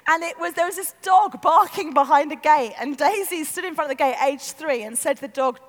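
Animated woman preaching in a hall. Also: high-pitched, a little fast. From North London. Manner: animated, acts out voices, laughs often. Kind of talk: lively storytelling sermon. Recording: church hall reverb.

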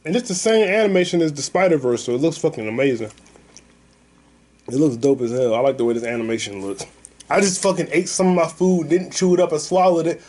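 A man's voice: on the high side, brisk, a little mellow. A man hosting a podcast, rambling through stories and movie talk in a loose, profane, slangy way. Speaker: podcast host. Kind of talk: casual podcast chat.

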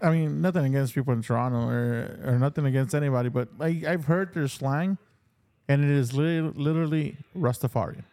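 A man's voice: medium pitch, brisk, mellow. A man in casual chat with friends, laughing often and trailing off mid-sentence.

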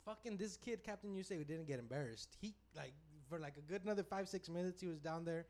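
A man with a high, light voice tells a crude story on a casual podcast. He talks in a loose, animated way, swears freely and breaks into laughter often. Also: fast. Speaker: podcast co-host.

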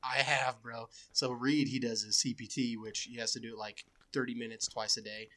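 A man's voice: mid-range voice, little pitch movement, a little fast, sharp tone. A young adult man co-hosting a podcast, laid-back, tossing in short quips and reactions. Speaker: podcast co-host. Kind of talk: casual chat.

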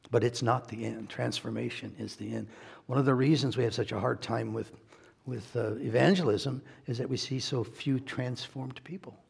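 A man's voice: mid-range voice, vocal fry, a little mellow, husky. A male pastor giving a sermon in a conversational, joking way, often laughing.

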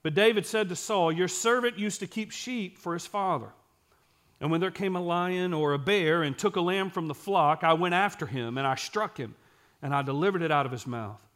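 Man, preacher, sermon, reads scripture then explains it, asks the listeners questions, fairly high voice. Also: moderate pace. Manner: drops to a quiet, intense voice for emphasis.

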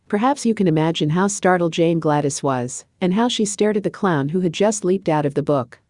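A woman narrating a storybook in an even, measured reading. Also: on the low side, no echo, clean studio sound.

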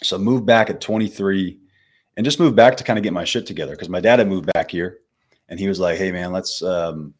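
A man in his twenties with a notably deep voice tells a story as a podcast guest. His delivery is casual and easygoing, full of swearing and slang like dude and bro. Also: a little fast, husky. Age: 20s. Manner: laid-back, swears freely, says dude and bro.

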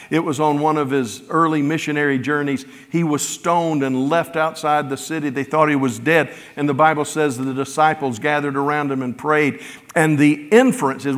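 A man's voice: fairly high pitch, fairly bright tone. Man preaching in a reverberant sanctuary. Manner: conversational preaching, paraphrasing scripture in his own words. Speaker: pastor. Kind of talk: sermon. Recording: long hall reverb.

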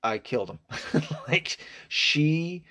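A man's voice: fairly high pitch, lively intonation, slow, pushed and bright. A young man from the American South with a faint Southern accent, talking in a casual, profane, rambling monologue full of restarts. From Arkansas, US South.

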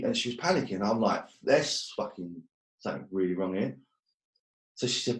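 A man with a lowish voice tells his story as a guest at a brisk pace, in a room with echo. He's blunt and swears often, joking his way through hard times in casual storytelling.

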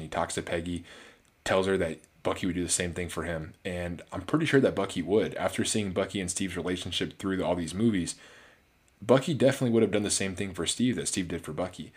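A man with a very low voice talks through a film in a loose, casual review. He rambles along, circling back with fillers and restarts as he goes. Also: quick pace, slightly rough. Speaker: movie reviewer.

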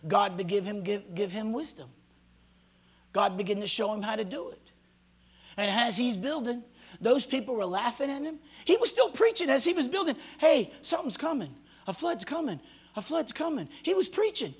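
A male pastor preaching a sermon to a congregation, swinging from loud shouts to hushed near-whispers and acting out the voices of people he quotes. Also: high voice, expressive, normal speed, breathy edge. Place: church hall before a congregation.

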